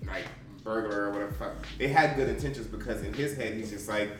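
A man's voice: on the low side, quick pace, distant mic, soft background music. Blunt, cursing man in an echoey room. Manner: blunt, profane, rambling. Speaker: podcast co-host. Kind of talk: casual chat.

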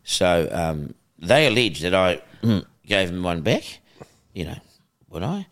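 Man, New Zealand accent, middle-aged, deep voice, very lively pitch, casual podcast storytelling. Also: unhurried. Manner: animated, laughing, acts out quotes. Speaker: guest broadcaster.

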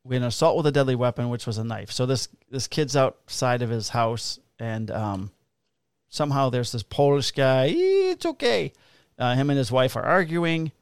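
A man's voice: medium pitch, moderate pace, clear, resonant tone, no echo. A man who works as a police officer, telling work stories in a casual chat, profane and blunt, laughing at his own tales.

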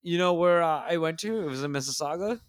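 A man from Canada, a comedian guest on a podcast, rambling excitedly and swearing often. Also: on the high side, fast, no echo, clean studio sound. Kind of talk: casual chat.

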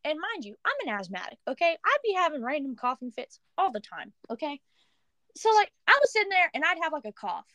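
Lively high-voiced young woman. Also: a little fast, no room sound. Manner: animated, full of "like" fillers. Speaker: podcast co-host. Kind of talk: casual storytelling chat.

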